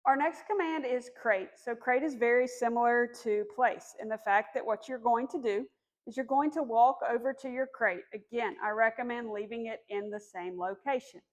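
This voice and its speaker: A woman dog trainer explaining puppy commands outdoors, giving firm commands and soft praise. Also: a little high, normal speed. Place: outdoors in a yard.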